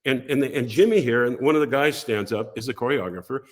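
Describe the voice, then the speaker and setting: An older man, a guest on a talk show, telling a story with animated storytelling and acting out the voices of the people in it. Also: medium pitch, fast. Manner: lively, acts out voices and quotes in his stories.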